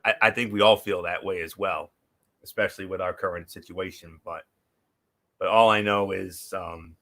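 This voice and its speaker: A man's voice: sits low, steady tone, moderate pace, pushed and bright. A man hosting a casual wrestling talk show, rambling through memories with many fillers and restarts. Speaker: podcast host.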